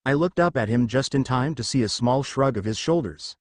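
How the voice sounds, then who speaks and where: A man reads first-person fan fiction aloud in a steady storytelling voice. His middle-pitched voice moves in lively contours, recorded close with no room sound. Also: a little fast, dry recording. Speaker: narrator.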